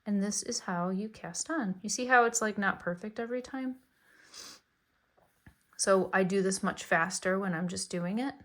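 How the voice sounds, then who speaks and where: A woman talking slowly through a beginner knitting lesson, calm and unhurried. She is chatty and encouraging as she explains each step of the cast-on. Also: mid-range voice. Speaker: knitting teacher. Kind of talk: casual tutorial narration.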